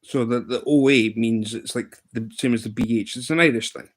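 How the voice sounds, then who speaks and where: A Scottish man in his thirties, chatting casually on a livestream and telling a rambling story, with sudden pitch jumps when he mimics other people. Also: fairly quick. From Scotland. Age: 30s. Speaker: live streamer.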